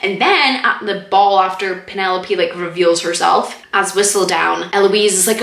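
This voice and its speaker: Chatty young woman with a bright voice. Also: mid-range voice. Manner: chatty, lots of "like", quick laughs and mock quotes. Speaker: TV review vlogger. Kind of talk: casual review chat to camera. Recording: echoey room.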